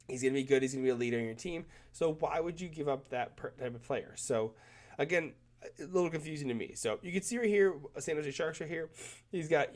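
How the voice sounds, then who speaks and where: A man's voice: medium pitch, darkish tone. Stuffy-nosed man rambling about stats. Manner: rambling, self-correcting, enthusiastic. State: stuffed up with a cold. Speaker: hockey commentator. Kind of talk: casual screen-share commentary.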